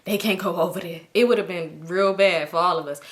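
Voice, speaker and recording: A young woman vlogger telling a story in a casual, animated and slangy way, often laughing. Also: on the low side, fairly quick.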